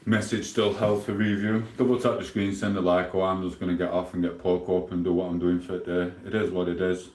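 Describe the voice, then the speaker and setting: A man's voice: low-pitched, little pitch movement, fast talker, hardly any pauses, darkish tone, echoey room, slight background noise, poor audio. A man chatting casually on a live stream, reading viewers' messages aloud and answering them bluntly and offhand. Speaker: livestreamer.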